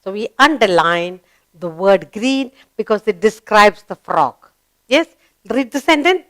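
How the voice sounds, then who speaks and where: Woman, children's grammar teacher, slow and deliberate, coaxing question-and-answer manner, dry close recording. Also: mid-range voice, lively intonation, a bit bright, no echo.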